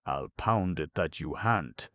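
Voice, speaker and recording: A man's voice: a bass voice, lively intonation, slow pace, fairly bright tone, no room sound, studio quality, heavily acted. A man voicing a surly, bitter male burglar who growls threats and demands. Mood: growling.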